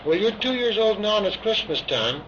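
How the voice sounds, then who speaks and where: A man guides a patient through hypnotic regression with calm, coaxing questions. His pitch moves a lot and sits a little high. The recording is dull and old, with a steady hiss behind him. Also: normal speed. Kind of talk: hypnotic age regression session.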